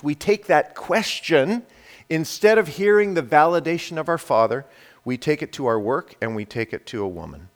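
A male preacher delivers a sermon, speaking straight to the congregation with rhetorical questions. His delivery swings between forceful, raised declarations and soft, hushed phrases. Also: fairly high pitch, animated, moderate pace. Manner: emphatic, shifts between loud declarations and quiet hushed lines.

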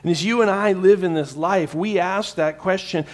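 An earnest pastor preaches a sermon in a fairly high voice, swinging between emphatic peaks and hushed, slow lines. He often repeats a word as he restarts his sentences.

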